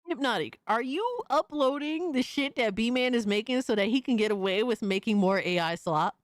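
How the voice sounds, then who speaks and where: A young adult woman streamer doing profane, excitable reaction commentary, often shrieking in disbelief. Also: fairly high pitch, normal speed, no echo, studio quality.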